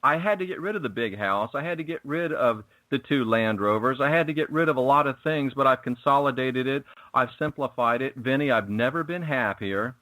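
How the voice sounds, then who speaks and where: Male guest, middle-pitched, preachy and emphatic, dry close sound. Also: lively intonation, a little fast, sharp tone, no echo, low-quality recording. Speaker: guest, spiritual network host. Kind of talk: casual radio interview.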